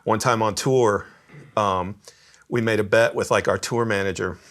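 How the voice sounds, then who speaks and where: A man's voice: lowish voice, steady tone, normal speed, fairly bright tone. A man telling stories in a casual interview, easygoing, laughing often and repeating words as he starts sentences. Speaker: guest musician.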